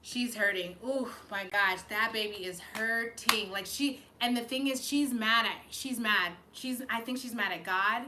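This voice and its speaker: Bright-voiced tearful woman psychic. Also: a little high, measured pace, hardly any pauses, slight background noise. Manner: emotional, rambling, with frequent swearing and restarts. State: fighting back tears. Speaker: psychic reader hosting a live stream. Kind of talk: live-streamed channeled reading.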